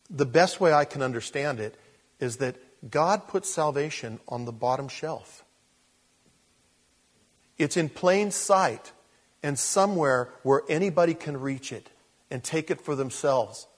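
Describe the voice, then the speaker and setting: Husky-voiced man preaching. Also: fairly high pitch. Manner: lively, swinging from loud emphasis to quiet asides. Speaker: pastor. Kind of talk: expository sermon.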